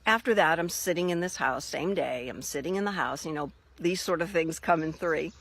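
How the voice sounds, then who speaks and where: Expressive woman telling a personal story. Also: low-pitched, normal speed, slightly rough. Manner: expressive storyteller who acts out quoted dialogue. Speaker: spirit messenger and podcaster.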